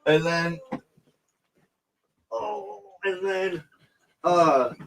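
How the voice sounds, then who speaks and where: Man, slightly high voice, podcast co-host, eager casual chat, stumbling restarts. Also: drawn-out words, gravelly, fairly bright tone, low-quality recording.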